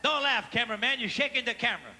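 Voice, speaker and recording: Man, Cajun accent, stand-up storyteller, folksy, teasing, very high pitch, live hall reverb, faint noise. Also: lively intonation, fast talker, sharp tone. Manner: folksy, chatty, teasing the audience. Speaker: stand-up comedian. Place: theater stage before a live audience. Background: audience laughter.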